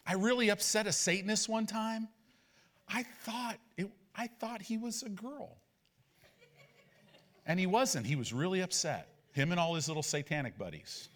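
A man in his forties, a pastor, preaching with animated personal stories and rhetorical questions. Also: sits high, moderate pace.

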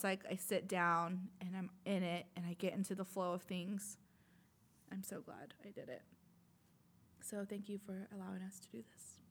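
A young woman, co-hosting a podcast in casual chat, swearing freely and laughing often. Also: medium pitch. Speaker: podcast co-host.

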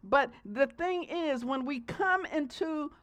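High-voiced woman preaching a playful sermon. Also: slow pace. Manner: conversational, playful preaching with frequent "okay?" asides.

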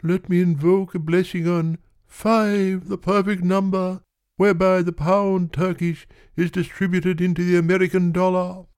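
Man putting on an aged pious secretary, ceremonious, smooth clear tone, dry sound. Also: sits high, little pitch movement, darkish tone, dry recording, voice pushed up, lightly acted. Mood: solemn. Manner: slow, ceremonious, intoning. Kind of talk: audiobook character voice.

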